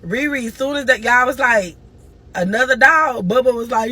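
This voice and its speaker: A woman's voice: on the high side, unhurried, long pauses, pushed and bright, husky, dry recording. A grieving woman streaming live, telling a long emotional story and crying at times. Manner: tearful, cries and moans through the story.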